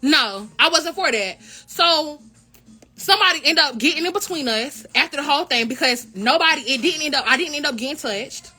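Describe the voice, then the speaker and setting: A young woman, a member of a college royal court, telling an indignant, animated story in a casual vlog. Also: high-pitched, brisk, faint music behind. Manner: animated, indignant retelling with quoted dialogue.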